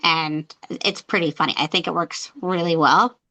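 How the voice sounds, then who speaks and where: A woman's voice: low-pitched, fairly even intonation, moderate pace, bright, forceful tone, poor audio. A woman guest on a podcast, chatting casually about a film in a wandering way that trails off. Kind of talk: casual film-discussion chat.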